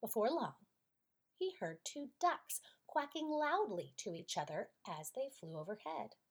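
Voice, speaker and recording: A woman storyteller reads a bedtime tale in a gentle, soothing way, unhurried and drawn out. Her voice sits a little high and moves a lot, with a soft, breathy grain. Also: very animated. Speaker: podcast storyteller.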